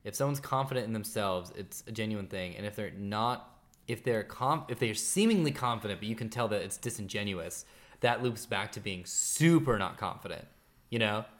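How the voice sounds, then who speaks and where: A man in casual podcast conversation, relaxed and joking between thoughtful points. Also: on the low side, normal speed. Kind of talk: casual chat.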